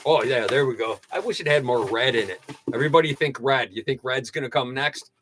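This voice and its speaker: A man hosting a casual art livestream, rambling and goofy, poking fun at himself and jumping into high excited yelps and laughter. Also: brisk, a little hiss or hum. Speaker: livestream host.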